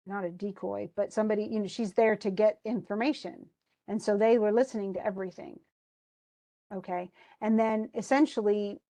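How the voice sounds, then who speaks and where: A woman teacher talks her way through a classic play as a relaxed, chatty lesson. Her voice is mellow and warm, sitting at an ordinary middle pitch for a woman. She recasts the old lines in plain everyday speech. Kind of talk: casual lesson retelling a play.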